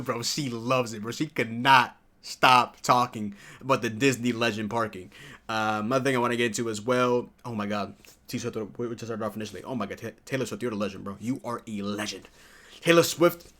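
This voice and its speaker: Bright-voiced excitable young man reviewing. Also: normal speed. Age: early 20s. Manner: excitable, slangy, jumps to high-pitched exclamations. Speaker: TV show reviewer. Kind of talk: casual video review.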